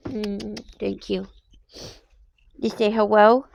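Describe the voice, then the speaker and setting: A woman's voice: on the high side, lively intonation, slow, vocal fry, long pauses, no room sound, muffled recording. A woman talking casually to her pets in a cooing, baby-talk manner. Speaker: pet owner.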